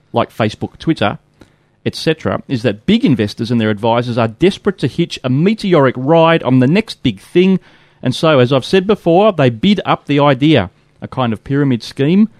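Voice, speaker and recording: A man co-hosting a casual tech podcast, reading listener letters aloud in a steady, even way. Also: mid-range voice, dry recording.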